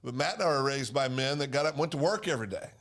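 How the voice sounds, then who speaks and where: A man co-hosting a casual live business talk show, animated and quick to laugh. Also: mid-range voice. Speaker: co-host.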